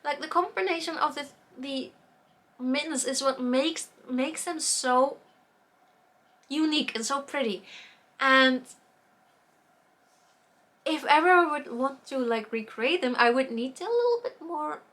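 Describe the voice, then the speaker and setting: Rambling bright-voiced woman knitting vlogger. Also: high voice, animated, unhurried, long pauses. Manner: rambling, loses words, trails off with fillers. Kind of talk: casual knitting chat.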